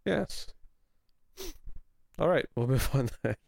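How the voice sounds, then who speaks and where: A man with a Scottish accent co-hosting a casual chat about a TV episode, animated and laughing often, with lots of restarts. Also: mid-range voice, slow, gravelly, no room sound. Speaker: podcast co-host.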